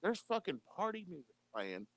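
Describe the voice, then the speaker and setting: A man's voice: high-pitched, moderate pace. A man co-hosting a casual chat show, telling stories with heavy swearing and acting out the people he quotes. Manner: animated storytelling, heavy profanity, acts out quotes. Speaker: podcast co-host.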